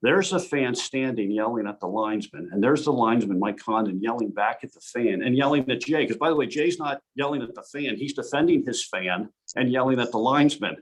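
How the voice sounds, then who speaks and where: A man, a hockey referee as guest speaker, telling animated anecdotes with frequent restarts over a video call. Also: mid-range voice, brisk, few pauses. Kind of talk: storytelling presentation.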